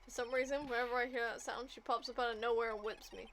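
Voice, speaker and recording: A woman's voice: a little high, steady tone, quick pace, fairly bright tone, a little hiss or hum. A woman voicing a young male defense lawyer in a dry, matter-of-fact way, while reading a video game script aloud.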